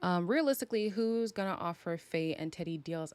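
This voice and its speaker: A woman's voice: fairly low pitch, expressive, a little fast, darkish tone, clean tone, dry recording. A young woman from Canada reviewing a reality show on a live stream in a sassy, dramatic, teasing way, often laughing. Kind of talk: casual live review chat.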